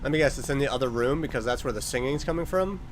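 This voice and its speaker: A man's voice: medium pitch, animated, quick pace, a little hiss or hum. A man playing a horror video game and commenting as he goes, talking to the characters and yelping when startled. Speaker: let's-play host.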